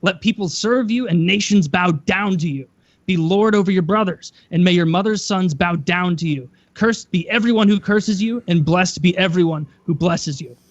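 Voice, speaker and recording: A man voicing an old blind father who speaks slow, solemn biblical blessings. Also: high-pitched, no echo, lo-fi sound, natural voice.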